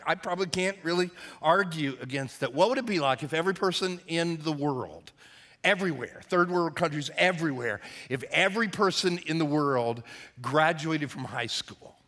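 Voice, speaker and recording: A man's voice: fairly high pitch, animated, normal speed, sharp tone. A male pastor giving a sermon in a folksy, chatty way, joking with the congregation. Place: church service.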